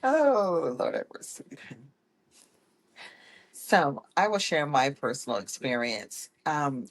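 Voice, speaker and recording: A woman guest telling her personal story in a casual, lively way, often correcting herself as she goes. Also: rumbling low. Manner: animated, acts out quoted people with voice changes; laughs often, corrects herself mid-sentence. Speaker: guest, autism mom.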